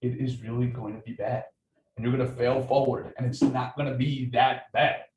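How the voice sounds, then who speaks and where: A man's voice: medium pitch, steady tone, normal speed, a little mellow. A man leading a group training session, upbeat and coaching, asking the room for input. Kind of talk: lively group training talk. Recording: roomy echo, distant mic, faint noise.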